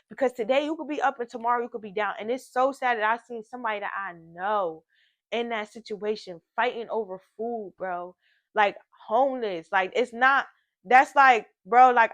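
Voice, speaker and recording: Earnest woman vlogger, bright voice. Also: a little high, no room sound. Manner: earnest, repetitive affirmations, casual slang. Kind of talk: motivational talk and music reaction vlog.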